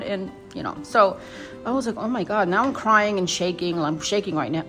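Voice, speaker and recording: A woman's voice: mid-range voice, a little fast, fairly bright tone, soft background music. Rambling New woman telling a story. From New York. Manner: rambling, emotional, with many restarts. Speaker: doll vlogger. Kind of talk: casual storytelling vlog.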